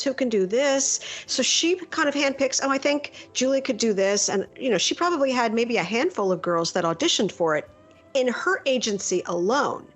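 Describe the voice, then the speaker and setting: Animated woman telling a story. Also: mid-range voice, breathy edge. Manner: lively anecdotal, acts out quoted lines. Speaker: voice actress guest. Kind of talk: casual interview storytelling.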